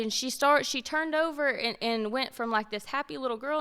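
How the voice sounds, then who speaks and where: A woman co-hosts a faith-based podcast, telling stories earnestly in casual chat and repeating things for emphasis. Her voice sits high and moves fairly quickly, with a sharp, clear, resonant tone.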